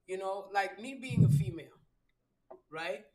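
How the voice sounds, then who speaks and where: A woman hosting a casual spiritual chat, with a strong low voice, talking loud and profane. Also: animated, unhurried, far from the mic. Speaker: host.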